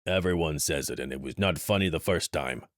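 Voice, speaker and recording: A man doing a gruff hulking guard in an audiobook. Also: rumbling low, brisk, no room sound, studio quality. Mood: menacing. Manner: terse, clipped broken English. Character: gruff hulking male guard, sour, blunt.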